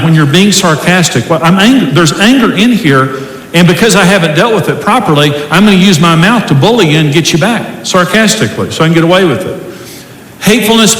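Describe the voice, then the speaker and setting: A man's voice: high-pitched, fairly bright tone, a little hiss or hum. Man preaching in an echoey hall. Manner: emphatic, preacherly, quotes scripture. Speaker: pastor. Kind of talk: sermon. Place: large church hall. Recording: echoey hall recording with faint ambience.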